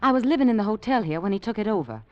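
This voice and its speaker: Actress as young Southern woman, scheming, Southern American accent, lively pitch, dry muffled old radio sound. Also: very fast, dry recording, natural voice. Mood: urgent. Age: young adult. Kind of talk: 1940s radio acting. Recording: dull lo-fi old radio broadcast.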